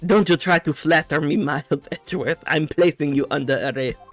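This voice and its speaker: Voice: mid-range voice, big pitch swings, brisk, faint music behind, pitched above the performer's own voice. A streamer putting on a haughty stern woman prosecutor. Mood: stern, scornful. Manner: commanding, clipped, attempted German accent. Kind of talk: reading game dialogue aloud in character.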